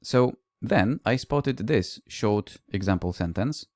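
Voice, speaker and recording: Low-voiced man giving a conference talk. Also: expressive, takes it slowly, darkish tone, dry recording. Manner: explanatory, classroom anecdotes, occasional "uh" fillers. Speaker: language teacher and conference speaker. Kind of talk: recorded conference presentation.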